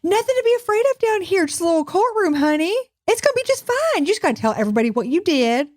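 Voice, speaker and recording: A woman's voice: extremely high pitch, big pitch swings, fast, darkish tone, no room sound, studio quality, pitched above the performer's own voice. A woman doing a smug Southern male small-town prosecutor with a Louisiana accent, drawling and patronizing. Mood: sweetly menacing.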